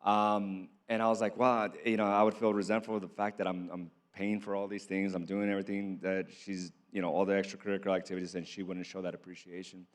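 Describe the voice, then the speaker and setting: Male panelist, lower pitch, thoughtful and halting delivery. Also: level tone. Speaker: panel speaker. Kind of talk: reflective panel talk.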